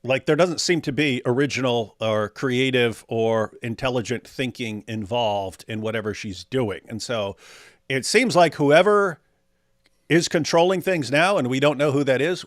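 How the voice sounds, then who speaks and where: A man hosts a loose, casual chat, full of sarcasm and jokes. His voice sits at a mid pitch. The sound is dry and close to the mic. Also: animated, normal speed, dry recording. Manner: sarcastic, joking. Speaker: host.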